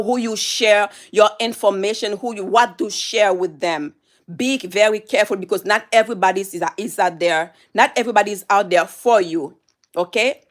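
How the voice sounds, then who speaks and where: A woman on a live stream, upset and teary, pleading with and scolding her viewers while reading the chat. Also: mid-range voice.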